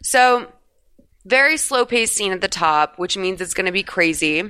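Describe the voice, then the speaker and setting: A woman's voice: mid-range voice, expressive, normal speed, sharp tone, clear, resonant tone. A woman podcast host casually recapping a TV episode, chatty and swearing freely as she retells scenes.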